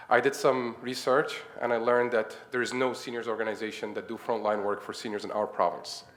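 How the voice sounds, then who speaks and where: A man's voice: fairly low pitch, a bit bright. A man from Egypt, giving a conference talk and telling stories in a chatty way. He chuckles often and acts out the dialogue he quotes. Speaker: conference speaker, nonprofit founder. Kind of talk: conference talk, anecdotal storytelling.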